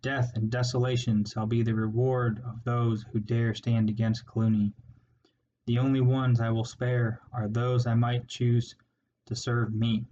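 A cruel, arrogant rat warlord sneers and rants with menace in a storybook tale, as a male reader puts him on. His voice is fairly flat in tune, on a slightly dull recording with a faint hiss. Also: medium pitch, unhurried, natural voice. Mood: ranting.

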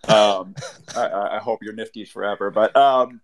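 A man's voice: on the low side, steady tone, moderate pace, a little hiss or hum. A man speaking as a guest on a live show, rambling and joking, often trailing off. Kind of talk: casual chat.

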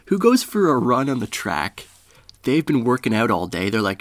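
Man, rambling comedic storyteller, swears a lot, lively swooping pitch, dry close sound. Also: measured pace, long pauses, dry recording. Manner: rambling, profane, laughs at his own story.

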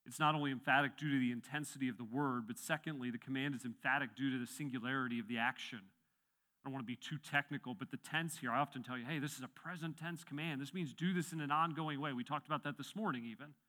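A man's voice: medium pitch, fast talker, bright, forceful tone. A man giving a sermon as pastor, preaching emphatically and rising and falling on key phrases.

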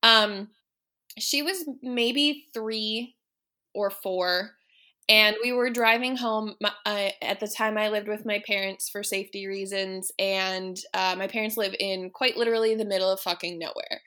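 A woman guest on a podcast, telling a family story in a casual, animated way and swearing freely. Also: medium pitch, unhurried. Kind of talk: casual chat.

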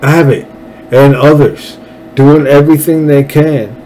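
A man's voice: on the high side, unhurried, dark tone, slight background noise, poor audio. Angry man ranting on his podcast. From Texas. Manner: heated, blunt, swears freely. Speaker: podcast host. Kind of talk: angry political rant.

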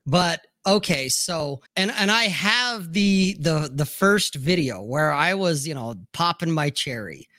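Forceful, profane storytelling man. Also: on the high side, lively intonation, takes it slowly, hardly any pauses, no echo, clean studio sound. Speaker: co-host. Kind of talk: casual chat.

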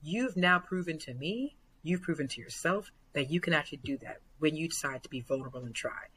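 A woman basketball coach talking earnestly as a podcast guest, full of fillers and growing excitement. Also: low voice, a little fast, a little hiss or hum, poor audio. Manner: earnest, many fillers, builds to excited retellings.

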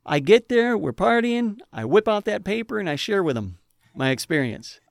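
A man's voice: sits high, big pitch swings, normal speed, creaky, no room sound, clean studio sound. A man telling his personal testimony in an earnest, emotional way, with preacher-like emphasis. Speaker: speaker giving a personal testimony.

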